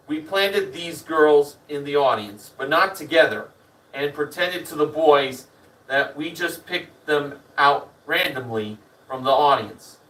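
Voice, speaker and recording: Bright-voiced man reading a memoir. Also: fairly high pitch, recorded from a distance, poor audio. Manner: lively storyteller, animated in the punchlines. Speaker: reader. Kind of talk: first-person memoir reading.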